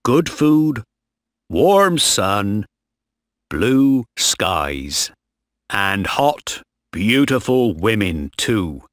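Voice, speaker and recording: A man voicing a cheerful, rough sailor talking enthusiastically. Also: lowish voice, sing-song, extremely slow, no room sound, clean studio sound, full character voice. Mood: eager.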